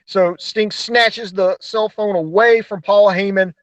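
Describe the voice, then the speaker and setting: A man co-hosting a casual podcast, telling stories in a profane, animated way. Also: high-pitched, a little slow, no echo, rough recording. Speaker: co-host. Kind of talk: casual podcast chat, storytelling.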